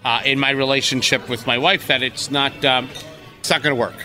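A man telling stories as a podcast guest, profane and excitable, often laughing. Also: mid-range voice, a little fast, soft background music. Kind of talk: casual storytelling.

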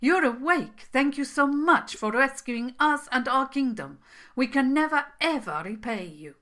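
A woman voicing a grateful, beaming young prince in a storybook reading, eager and high. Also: measured pace, bright, forceful tone. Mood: excited.

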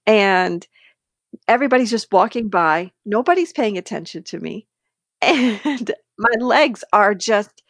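Woman, podcast co-host, candid animated storyteller, close dry mic. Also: medium pitch, measured pace, no room sound. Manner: animated, candid, laughs between sentences. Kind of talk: casual storytelling chat.

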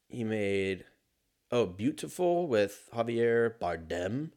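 A man's voice: on the low side, lively intonation, unhurried, a little mellow. A man hosting a casual solo podcast, rambling and swearing freely, mocking himself and laughing at his own jokes. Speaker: podcast host.

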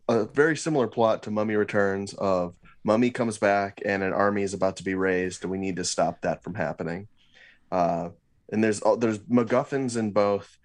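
Low-voiced man musing on ideas. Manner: thoughtful, pitching ideas with pauses. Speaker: podcast co-host. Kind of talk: casual movie review chat.

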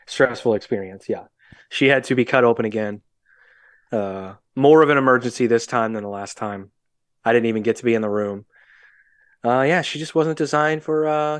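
A young Midwestern American man co-hosts a podcast over a remote call mic, his mid-range voice carrying no room sound. Blunt and sardonic, he swears freely while telling a story.

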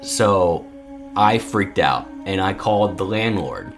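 A man's voice: deep voice, slow pace, music in the background. A man co-hosting a podcast, telling a story with lots of fillers and acting out what people said. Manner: animated storyteller acting out quotes, many fillers. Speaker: podcast co-host. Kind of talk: casual storytelling.

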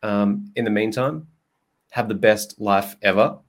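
A man's voice: fairly low pitch, a little slow. A young man hosting a podcast in a casual, jokey way, swearing freely and laughing often. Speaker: podcast host and nutrition coach. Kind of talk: casual chat.

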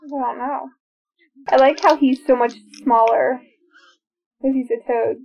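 A woman's voice: high-pitched, fairly even intonation, a little slow, creaky, a little mellow. A woman co-hosting a podcast, chatting casually and eagerly sharing trivia while watching a movie. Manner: chatty, enthusiastic about trivia. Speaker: podcast co-host. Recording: phone-like narrow sound.

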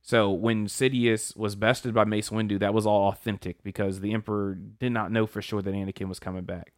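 A man in casual podcast chat explains fan lore with easy confidence, dropping the odd swear word. His voice sits on the low side and is recorded dry and close. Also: flat delivery, fairly quick, dry recording. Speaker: podcast co-host.

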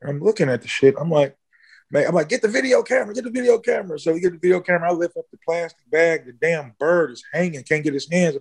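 A man in an interview, casually telling a long story, swearing freely and jumping high in pitch when he acts out what people said. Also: steady tone, fast talker. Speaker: interview guest, musician.

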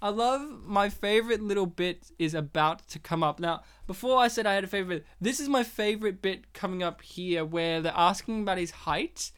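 A man hosting a casual movie commentary chat, animated and laughing often as he acts out scenes. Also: high-pitched, normal speed, hardly any pauses, smooth. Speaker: podcast host.

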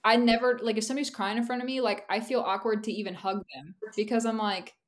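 A woman's voice: a little high, fairly even intonation, fast talker. Candid young woman chatting on a podcast. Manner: candid, rambling, laughs often, many "like" fillers. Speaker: podcast co-host. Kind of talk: casual chat.

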